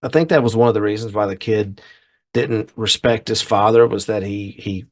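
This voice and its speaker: A man's voice: on the low side, steady tone, normal speed. A middle-aged man co-hosting a podcast in casual chat, who retells a story scene by scene and acts out the people in it. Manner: retells scenes, acting out voices. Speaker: podcast co-host. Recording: podcast recording.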